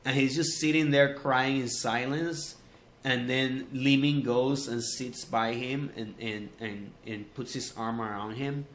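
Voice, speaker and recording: A man co-hosting a casual review chat, talking in an emotional, halting way full of fillers. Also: mid-range voice, steady tone, fairly bright tone, slight background noise. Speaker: co-host reviewing a series. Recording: roomy echo.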